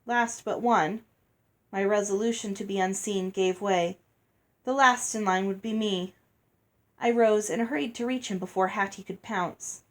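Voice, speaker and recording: A woman reading a chapter of a novel aloud in a steady, measured storybook manner. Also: mid-range voice. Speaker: reader.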